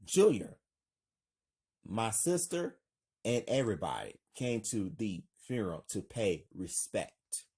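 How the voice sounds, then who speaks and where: A man reading the part of a steady single father in a quiet, plain way. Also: lowish voice, slow pace, slightly rough, heavily acted. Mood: somber.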